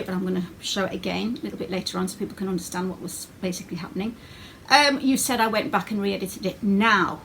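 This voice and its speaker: A woman's voice: mid-range voice, gravelly, a bit bright, slight background noise, rough recording. A woman talking in a sarcastic, mocking way as she answers her critics in a casual video.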